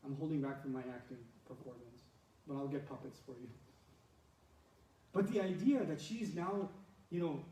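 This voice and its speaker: A man teaching a scripture lesson in an animated manner, acting out quotes and laughing often. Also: fairly high pitch, moderate pace, pauses often, roomy sound, far from the mic, slight background noise, low-quality recording. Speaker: religious lecturer.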